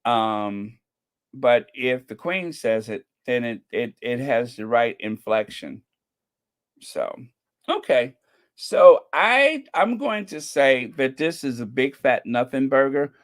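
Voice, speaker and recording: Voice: mid-range voice, big pitch swings, slow pace. An American channel host giving casual commentary with a sarcastic, rambling, mocking manner. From United States.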